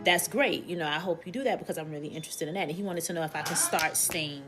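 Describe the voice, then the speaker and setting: Woman talking over loud TV music. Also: deep voice, fast. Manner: conversational, rambling, emphatic. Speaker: mother. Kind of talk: casual personal storytelling. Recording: loud background TV soundtrack. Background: TV show audio playing.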